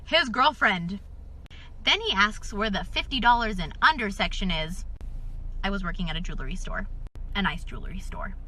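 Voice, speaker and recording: Young woman, bright voice, sassy animated storyteller. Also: mid-range voice, normal speed. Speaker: retail worker telling a story. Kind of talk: casual storytime video.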